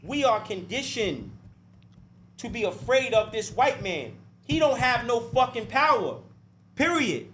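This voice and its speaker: Blunt, preachy man with a high voice. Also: very animated, unhurried, a bit bright, a little hiss or hum. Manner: blunt, profane and preachy, with frequent "right?" and "you see?"; repeats and restarts words when fired up. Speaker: interview guest. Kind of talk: heated podcast discussion.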